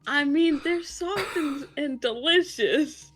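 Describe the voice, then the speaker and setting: A woman joining a tabletop role-play, playful and a bit hesitant as she speaks. Her voice sits fairly high. Faint music plays behind her. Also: takes it slowly, fairly bright tone. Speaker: player.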